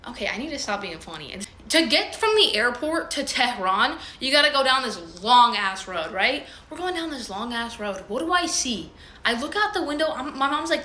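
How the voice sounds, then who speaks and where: A woman's voice: a little high, sing-song, normal speed, pushed and bright. A young woman telling a personal story to camera in loose, slangy talk with plenty of swearing. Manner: slangy, loose, swears freely, acts out what others said. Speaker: vlogger. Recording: roomy echo.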